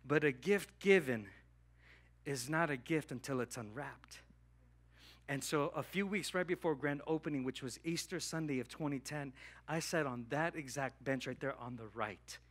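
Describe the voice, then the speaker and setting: A man pastor delivering a sermon in a church, telling a personal story and acting out conversations with God in an animated way. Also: mid-range voice, normal speed. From Southern California. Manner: animated, acts out dialogue with God. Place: church hall.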